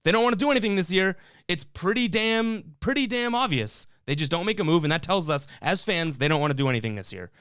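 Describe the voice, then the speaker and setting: A man's voice: high-pitched, lively intonation, quick pace, hardly any pauses, a bit bright, clean tone, no room sound, clean studio sound. Fired-up man hosting a fan stream. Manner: fired-up, rambling, frequent restarts and fillers. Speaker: sports stream host reading chat. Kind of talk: casual live-stream commentary.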